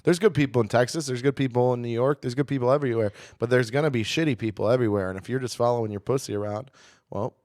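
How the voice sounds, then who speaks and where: A man's voice: medium pitch, fast, a little mellow, dry recording, clean studio sound. A man co-hosting a comedy podcast, chatting casually with crude jokes and rambling asides. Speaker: podcast co-host.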